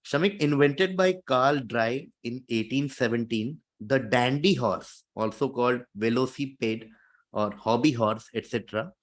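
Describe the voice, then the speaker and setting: Indian English quizmaster, measured delivery. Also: male voice, mid-range voice. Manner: steady, explanatory, lightly hesitant with fillers. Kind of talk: hosting a quiz show.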